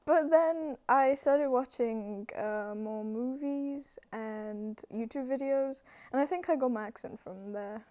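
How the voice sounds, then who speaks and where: A teenage girl from Romania, a native Romanian speaker, answering interview questions in a soft-spoken, hesitant, thoughtful way. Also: high voice, slow pace, few pauses. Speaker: student guest. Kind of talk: casual interview.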